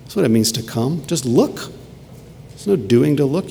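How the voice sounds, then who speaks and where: A man's voice: mid-range voice, animated, normal speed, gravelly, warm tone. A male pastor preaching a sermon, earnest and emphatic, repeating key phrases for weight. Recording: long reverb with faint ambient noise.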